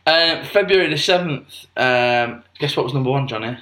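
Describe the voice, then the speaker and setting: A man's voice: mid-range voice, normal speed, sharp tone, roomy sound. A British man co-hosting a podcast, chatting casually and joking. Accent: British English. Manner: jokey, bantering, breaks into put-on voices. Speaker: podcast co-host. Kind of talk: casual chat.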